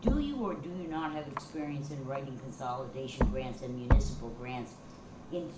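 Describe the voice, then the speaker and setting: A woman's voice: a bass voice, fairly quick. A woman board member at a public town meeting, insistently pressing her motion. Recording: distant echoey noisy meeting room recording.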